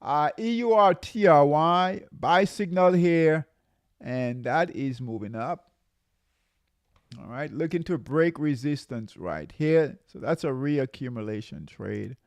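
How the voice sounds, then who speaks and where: Slow-talking guy with a gravelly voice running a live trading update, dry close sound. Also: on the high side, lively intonation, no echo. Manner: repeats himself, drawn-out warnings, calls out signals. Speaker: trading show host.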